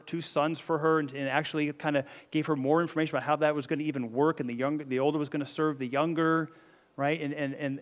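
A man preaching a sermon in a conversational way, often checking in with the listeners and restarting his phrases. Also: a little high. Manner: conversational, keeps adding "right?", frequent restarts.

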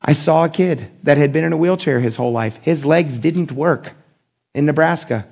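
Male pastor, higher voice with gravel, talks to the congregation casually and acts out quotes with pitch jumps. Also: normal speed. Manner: conversational and animated, acting out quoted voices. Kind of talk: sermon.

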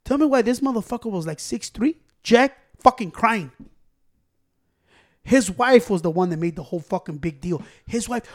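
High-voiced man telling a profane story. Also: a little fast. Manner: profane, animated, acts out quotes. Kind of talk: casual storytelling among friends.

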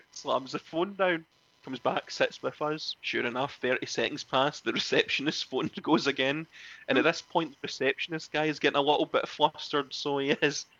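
A man, a former wrestling referee, telling animated stories in a casual interview, often laughing and acting out other people's lines. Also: on the high side, moderate pace, highs cut off. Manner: animated, laughs often, acts out quoted voices.

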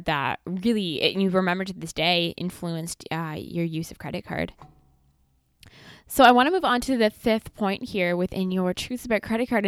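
A woman hosting a podcast, walking through a list of points in a measured way with some fillers. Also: lowish voice, smooth, no echo, clean studio sound. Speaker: host.

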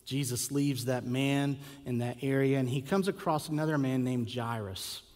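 A man preaching a sermon as a pastor, telling a story with lively acted quotes and rhetorical questions. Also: medium pitch, moderate pace. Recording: long hall reverb.

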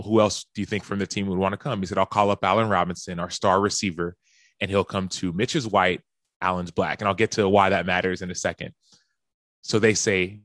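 A man with a fairly low speaking voice tells a personal story in a podcast monologue. He acts out the calls he describes, jumping up in pitch as he gets excited. The sound is close and dry. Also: dry recording. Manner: animated storyteller who acts out quoted phone calls in a raised voice.

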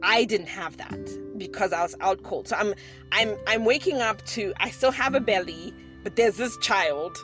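A woman's voice: medium pitch, normal speed. A woman in her thirties telling a personal story to her viewers in a chatty way, laughing often and restarting her sentences. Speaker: vlogger. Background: background music.

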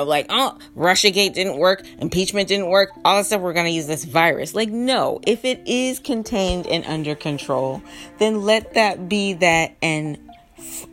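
A woman giving a casual opinion monologue, animated and exasperated, laughing often between points. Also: deep voice. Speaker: political commentator. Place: lives in New York City.

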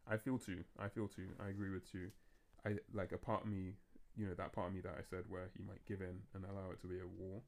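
A man hosting a casual podcast chat, talking in a fast, rambling way that keeps restarting itself. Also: low voice, little pitch movement, slight background noise. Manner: fast, rambling, self-interrupting talk. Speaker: podcast host.

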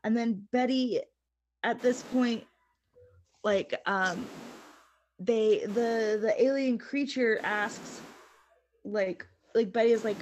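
A woman's voice: on the high side, takes it slowly, long pauses, a little hiss or hum. A woman co-hosting a casual podcast, retelling a story with lots of fillers and acted-out quotes. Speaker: podcast co-host.

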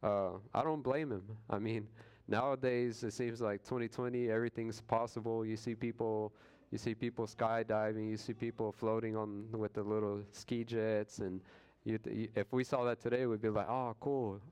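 Smooth low-voiced man teaching scripture. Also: flat delivery, normal speed, a little mellow. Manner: conversational, retells scripture in slangy everyday words; acts out quoted voices with jokes. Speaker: Bible study teacher. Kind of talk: casual Bible study talk.

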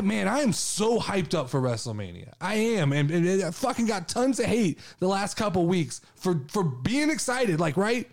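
A man with a fairly high voice hosts a casual chat show. He rants with excitement and swears freely, and his energy keeps rising. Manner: excitable, profane ranting. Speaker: podcast host.

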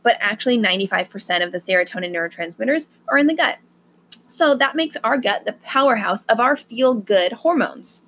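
A woman hosting a podcast, talking casually and gently with frequent fillers, then guiding a calm meditation. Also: on the high side. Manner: slow, gentle, soothing delivery with fillers. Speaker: podcast host.

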